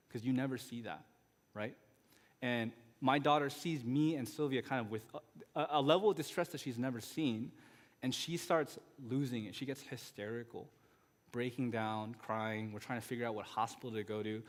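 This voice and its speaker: Male guest pastor, 30s, mid-pitched, chatty anecdotal sermon delivery, long sanctuary reverb. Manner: conversational storytelling with frequent asides. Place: church sanctuary.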